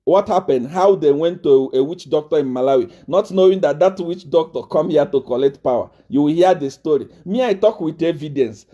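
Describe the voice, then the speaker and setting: A man delivers political commentary straight into a live video, repeating his points and laughing between them. His pitch sits high for a man and swings widely from phrase to phrase. The tone is dark and mellow rather than bright. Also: expressive, brisk, few pauses, lo-fi sound. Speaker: online commentator.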